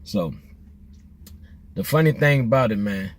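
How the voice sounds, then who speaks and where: A man's voice: fairly low pitch, expressive, unhurried. A middle-aged man, telling loose, joking stories while he drives, full of slang and restarts. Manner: laid-back, joking, rambling with restarts and slang. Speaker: vlogger. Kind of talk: casual storytelling while driving. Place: in a car.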